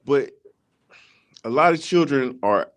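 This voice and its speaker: A man on a podcast panel works through his argument at a measured pace. His voice sits in a middle pitch, and he sprinkles in "uh" and "you know what I'm saying" as he goes. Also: lively intonation. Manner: measured, reasoning, with frequent fillers. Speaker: podcast co-host. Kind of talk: casual chat.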